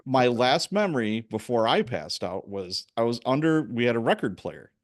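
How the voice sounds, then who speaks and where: A man hosting a podcast conversation, telling stories casually and acting out other people's lines as he goes. His voice sits at a medium pitch and his delivery is loose and animated. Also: moderate pace. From Chicago area. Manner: animated storyteller, acts out quoted voices. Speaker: podcast host.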